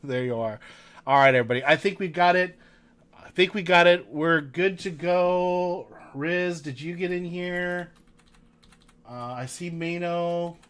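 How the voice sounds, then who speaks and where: A man's voice: high-pitched, unhurried, a bit bright, smooth. A man hosting a casual card-break livestream, chatting with viewers and reading their names aloud.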